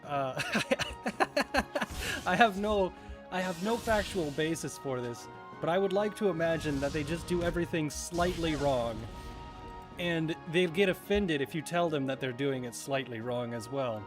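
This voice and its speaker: A man's voice: a little high, measured pace, over music. A man from New Zealand streaming a game, chatting casually in a rambling, joking and profane way. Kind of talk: casual chat while gaming.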